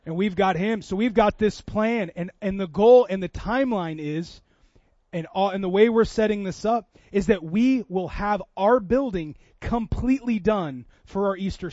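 A man's voice: high voice, moderate pace, a little mellow, dry recording, muffled recording. A man preaching a sermon in a church, telling a story in a conversational way that builds to impassioned preaching. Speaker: pastor.

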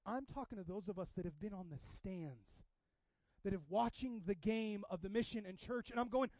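A man preaching a sermon in a casual, animated way, with sudden loud bursts. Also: sits high, moderate pace, no echo, dull audio. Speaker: pastor.

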